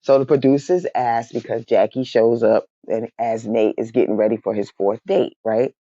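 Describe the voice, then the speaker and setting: A woman's voice: very deep voice, steady tone, normal speed, warm tone, no echo. A woman recapping a reality show in a casual chat, keeps breaking into laughter mid-sentence and calls her viewers y'all. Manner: chatty, addresses viewers as y'all. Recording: dry, dull lo-fi sound.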